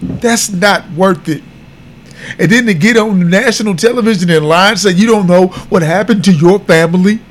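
Earnest higher-pitched man hosting a podcast. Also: normal speed. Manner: earnest and heartfelt, speaking openly. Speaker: podcast host. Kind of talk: podcast commentary.

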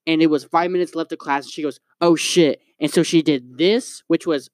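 Young man, podcast co-host, casual storytelling, slightly high voice, dry close sound. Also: fairly quick, dry recording. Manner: animated storyteller, swearing, acting out quotes. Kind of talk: casual chat.

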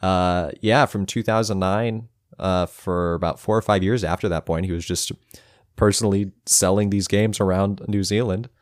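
This podcast co-host has a deep, steady voice and speaks at a normal speed in a casual board game chat. He jokes and rambles with a frequent laugh in his voice, recorded close and dry on a podcast mic with no echo.

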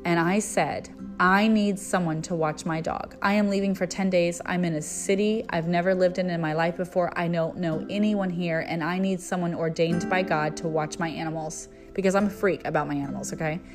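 A woman's voice: lowish voice, fairly even intonation, fairly quick, hardly any pauses, music in the background. A middle-aged woman hosting a spiritual message, telling a personal story and then preaching in an earnest, storytelling way. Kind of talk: inspirational spiritual talk.

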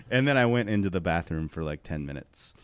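A man telling a funny story in casual podcast chat, laughing often. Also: low voice.

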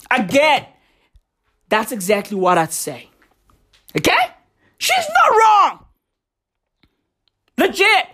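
Reacting to tweets in a casual vlog, a man swears a lot and keeps repeating rhetorical questions for emphasis. His very high voice swoops wildly in pitch, and he takes it slowly with long pauses, sounding bright, forceful and slightly rough.

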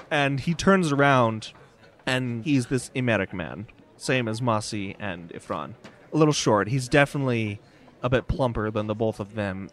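A man narrating a tabletop game as game master, casual and rambling. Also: on the low side. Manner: casual, rambling, with fillers and laughs.

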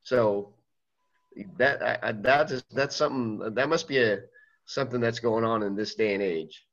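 A man who coaches fifth and sixth grade teams, telling a story in casual chat, halting and restarting often. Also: mid-range voice, fairly bright tone, dull audio.

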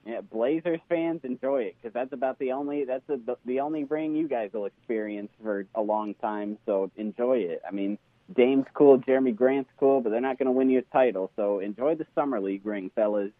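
A man's voice: mid-range voice, brisk, dry recording, narrow, tinny audio. A man co-hosting a casual sports radio show, teasing and sarcastic in his banter.

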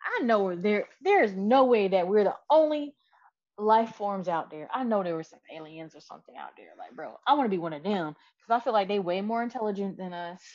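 A woman's voice: mid-range voice, animated, brisk, a little mellow, highs cut off. A woman talking loosely and frankly in a casual chat, rambling and swearing freely.

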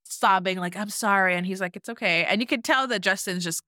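A bright, animated woman co-hosting a podcast recaps a show in casual chat, acting out quotes as she tells the story. Her mid-range voice moves fairly quickly, recorded clean in a studio with no room sound.

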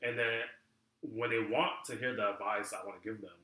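Fast, bright-voiced man in casual chat. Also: on the low side, fairly even intonation, reverberant. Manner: earnest, lots of fillers, faith-minded. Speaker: podcast guest.

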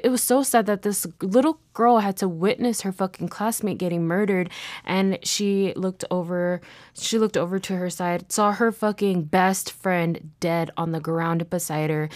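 A woman's voice: on the low side, a little mellow, no room sound. Heated, swearing young woman podcaster. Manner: heated, swears often, restarts and trails off. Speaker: podcast host. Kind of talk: casual solo podcast monologue.

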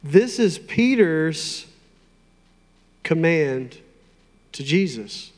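Male pastor, sermon delivery, very slow and deliberate, slightly high voice. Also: in a large hall. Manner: slow, emphatic, playful asides to the congregation.

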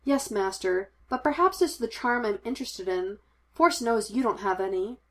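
A woman's voice: mid-range voice, natural voice. A woman voicing a spirited young Jedi apprentice who teases her master, read in an audiobook of fan fiction. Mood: teasing. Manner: teasing, impish, quick to argue.

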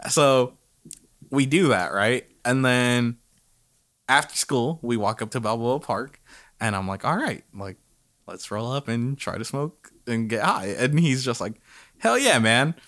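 A man's voice: medium pitch, measured pace. A man in his twenties telling a story in casual chat, laughing and acting out quoted lines. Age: 20s. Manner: laughing animated storyteller with lively quoted voices.

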